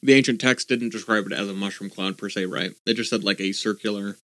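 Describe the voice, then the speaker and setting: A man's voice: lowish voice, quick pace, a bit bright, dry recording. A man co-hosting a casual podcast, thinking aloud and reading bits of articles as he talks. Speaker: podcast co-host. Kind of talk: casual chat.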